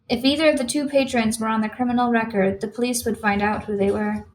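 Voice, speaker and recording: A woman reads her own novel in a measured, even audiobook voice. Her pitch sits a bit high for a woman. A faint hum runs under the recording. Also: poor audio. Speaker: author narrating her novel. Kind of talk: audiobook narration.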